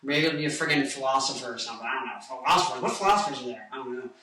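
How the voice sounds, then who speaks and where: Talking rapid-fire in a mid-range voice, a twenty-something man who sings and plays rock guitar jokes around and wanders off topic in a hyper, casual vlog. A crowd can be heard behind him, and the distant mic picks up room echo.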